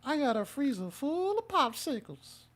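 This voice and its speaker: A man voicing a creepy, leering elderly male neighbor in a high, thin, quavering voice. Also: sing-song, normal speed, a bit bright, exaggerated voice.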